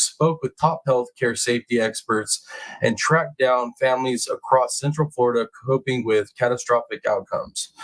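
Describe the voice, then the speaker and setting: A man's voice: mid-range voice, poor audio. A young man hosting a live stream, reading a news report aloud and breaking off for casual, slangy, emphatic asides to his chat. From California.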